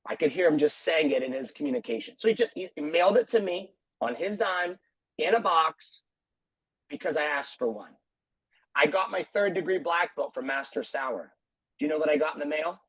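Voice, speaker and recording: A man's voice: on the high side, expressive, normal speed, husky, no echo, low-quality recording. A man who runs a martial arts school, talking earnestly on a video call panel and repeating phrases for emphasis.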